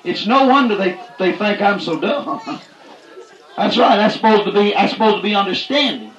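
A man preaching a fiery, folksy sermon, punctuating his points with "that's right" and rising to shouts. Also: high-pitched, animated, normal speed, reverberant, muffled recording, a faint crowd.

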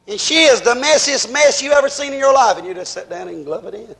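A preacher delivers a fiery sermon in a strikingly high voice. He climbs into shouts and then drops to low, quiet asides, drawing out his emphatic phrases. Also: expressive, fast talker, creaky. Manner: impassioned, rising to shouts then dropping low.

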